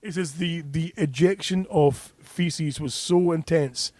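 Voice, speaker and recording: A man's voice: fairly high pitch, slow pace, darkish tone, no room sound. A man co-hosting a podcast, telling a crude story full of swearing and laughter, and acting out the voices of the people in it. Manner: profane, laughing, acts out quoted voices. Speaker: podcast co-host.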